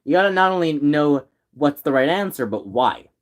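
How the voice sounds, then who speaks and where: Young man, fairly high voice, teasing, mock-teacherly, casual chat. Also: animated, normal speed.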